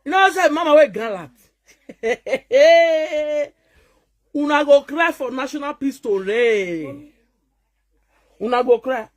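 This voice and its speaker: A woman's voice: sits high, expressive, takes it slowly, long pauses. A woman with a thick Nigerian Pidgin English accent rants at her viewers in a vlog, taunting and scolding them. She talks in a chanting, mocking way and keeps repeating her jabs. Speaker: social media vlogger.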